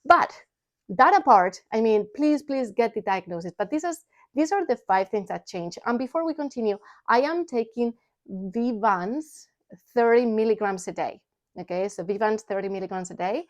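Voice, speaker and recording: A woman in her forties talks through a casual personal vlog with a slightly high voice. She is animated and excitable, slipping into hushed, confiding asides before bursting back into enthusiasm. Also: moderate pace, muffled recording. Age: 40s. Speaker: vlogger and entrepreneur.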